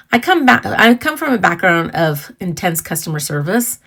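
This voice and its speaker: A woman's voice: medium pitch, very animated, measured pace, gravelly, long pauses, a bit bright. A middle-aged woman hosting a casual talk on emotional healing, earnest and conversational, with personal stories and asides. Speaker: podcast host.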